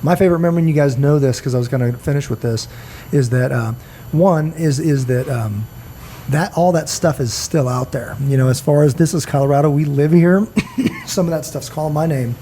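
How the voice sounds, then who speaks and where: A man's voice: on the high side, a little fast, warm tone. A middle-aged man hosting a podcast, telling a long story in a rambling, earnest way and acting out what people said. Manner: rambling, earnest, acts out quoted dialogue. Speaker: podcast host. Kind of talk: casual storytelling chat. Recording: faint background noise.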